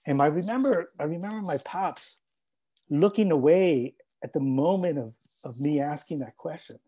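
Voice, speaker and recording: Husky-voiced man telling a heartfelt story. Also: a little high, moderate pace, dark tone, rough recording. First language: Spanish. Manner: reflective, heartfelt, mixing in Spanish phrases. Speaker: scholar and speaker. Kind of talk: personal storytelling talk.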